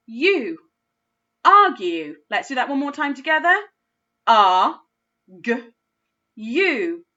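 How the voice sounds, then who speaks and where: A woman teaching a phonics lesson to young children, sounding out words slowly and praising often. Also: mid-range voice, fairly bright tone, muffled recording. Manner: slow, sing-song sounding out of words, encouraging. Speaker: primary school phonics teacher.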